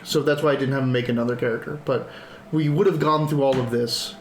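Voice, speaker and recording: A man's voice: medium pitch, steady tone, fairly quick, echoey room, a little hiss or hum. Laughing man running a tabletop game. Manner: laughs easily, rambling with fillers. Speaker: dungeon master. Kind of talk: casual tabletop game narration.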